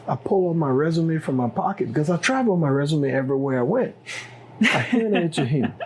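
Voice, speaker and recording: A man's voice: fairly high pitch, a little mellow, a little hiss or hum, rough recording. A middle-aged man with a Liberian accent telling his story as an interview guest, acting out the dialogue with animation. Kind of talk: personal storytelling.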